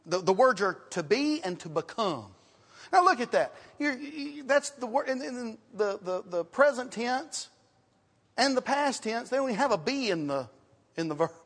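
A man preaching a sermon in a church, emphatic, repeating his phrases and asking rhetorical questions, swinging from loud to hushed. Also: very high-pitched, animated, moderate pace, in a large hall. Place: church sanctuary.

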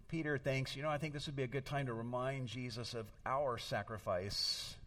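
A man's voice: medium pitch, fairly bright tone, recorded from a distance. A middle-aged man preaching a sermon as pastor, earnest and storytelling, leaning on emphatic words.

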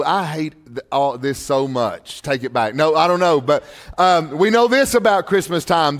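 A man's voice: high voice, in a large hall. A man, a pastor preaching a sermon in a church and telling folksy stories. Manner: folksy storytelling with crowd surveys. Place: church sanctuary.

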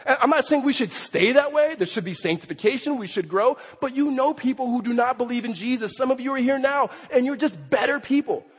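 A man with a high, slightly husky voice delivers a sermon from the pulpit. He is emphatic and stumbles over repeated words as he presses his point. His voice rings out with long reverb through a large sanctuary. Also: brisk, few pauses. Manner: emphatic, stammering restarts, acts out quotes. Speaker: pastor. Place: church sanctuary. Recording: long reverb in a big hall.

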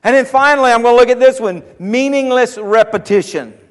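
A pastor delivers a sermon in a notably high voice, fairly quick, hammering his points through repetition and rising to fervent calls. A long reverb suggests a church hall.

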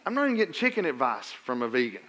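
A middle-aged man preaching a sermon, telling funny stories and swinging between loud emphasis and quiet asides. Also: medium pitch, huge pitch swings, racing. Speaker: pastor.

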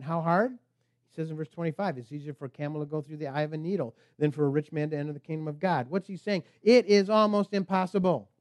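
A man's voice: on the high side, a little mellow, dry recording. A man preaching a sermon as pastor, emphatic and preacherly, at times speaking the tempter's lines.

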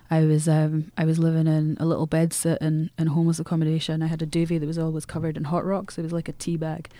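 Earnest author, flat dry voice. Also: mid-range voice, dry recording. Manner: earnest, frequent restarts and fillers. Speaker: author being interviewed. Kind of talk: reflective interview talk.

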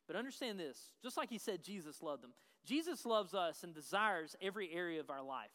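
A man's voice: sits high, animated, a little fast, hardly any pauses, pushed and bright. A man preaching a sermon as pastor, emphatic and repeating his key phrases. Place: church sanctuary. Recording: long reverb of a large hall.

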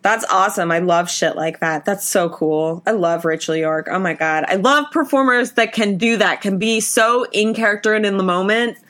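A woman co-hosting a podcast in casual chat, gushing and excitable, swearing freely. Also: medium pitch, normal speed, few pauses. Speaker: podcast co-host.

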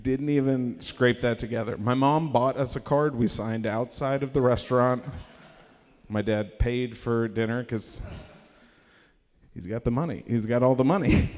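A man's voice: medium pitch, steady tone, moderate pace, darkish tone, big-room sound. Rambling male stand-up comic. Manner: rambling storyteller, filler-heavy, cracks himself up. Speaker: stand-up comedian. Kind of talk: live stand-up set. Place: live comedy showcase venue.

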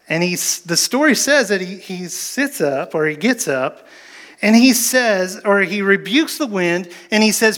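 A man with a fairly high voice preaching a sermon. He tells the story with energy, jumping into acted-out lines from the people in it. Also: a little slow. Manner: animated storytelling with acted-out quotes. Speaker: pastor.

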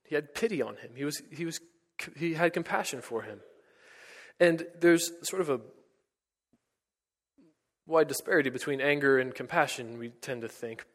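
A man preaching a sermon as pastor, earnest, building to emphatic peaks and dropping to hushed lines. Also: a little high, normal speed, long pauses. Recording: long hall reverb.

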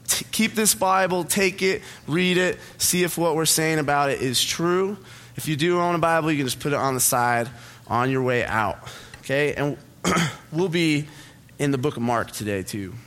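Young guy pastor, slightly high voice, loose joking church talk. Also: a bit bright. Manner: chatty, self-deprecating, laughs at own jokes. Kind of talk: casual sermon with personal story. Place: church service.

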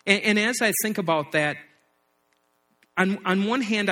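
Middle-aged pastor, slightly high voice. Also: male voice, sharp tone. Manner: storytelling, repeats words as he speaks. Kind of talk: sermon.

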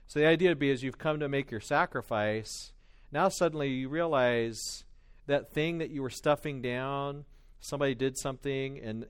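A middle-aged man preaching a sermon as pastor, telling stories in a conversational, self-deprecating way. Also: mid-range voice.

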